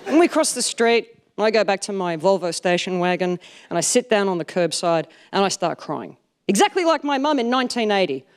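A woman in her forties tells comic stories to a live audience. Her delivery is dry and self-mocking, and she lands her punchlines deadpan. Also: medium pitch, a little fast. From Australia. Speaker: stand-up comedian.

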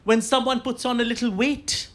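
A man with an Indian English accent performing a stand-up set on stage in a deliberate, mock-formal way. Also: very high-pitched, little pitch movement, fairly bright tone. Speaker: stand-up comedian. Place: comedy venue with a live audience. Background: audience laughter.

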